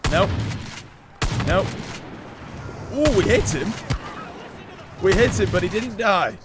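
A young man chatting excitedly through gameplay, joking and laughing at his own lines. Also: sits high, takes it slowly, long pauses, very noisy. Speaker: gaming YouTuber. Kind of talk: casual gameplay commentary.

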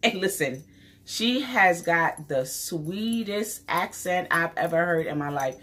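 A New York beauty vlogger reviews a wig in a casual video, speaking slowly in a low-leaning, expressive, slightly bright voice. She's enthusiastic and chatty, repeating phrases for emphasis.

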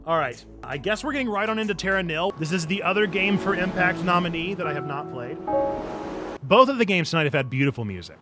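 Animated man streaming a game. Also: sits high, fairly quick, faint music behind. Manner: animated, laughs often, talks to himself. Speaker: pastor streaming games. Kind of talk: casual livestream commentary.

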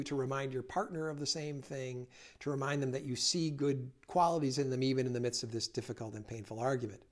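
A man speaking as an educational host, explaining ideas in a conversational way and reading example phrases gently. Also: medium pitch. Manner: conversational, with fillers and restarts. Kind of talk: explanatory lecture.

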